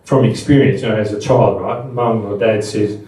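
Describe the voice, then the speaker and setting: A man's voice: lowish voice, fairly even intonation, moderate pace, warm tone. A middle-aged man giving a conversational, anecdote-filled talk to a live audience in a room at a Buddhist seminar. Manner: conversational and anecdotal, with frequent restarts. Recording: very echoey room, voice from far off.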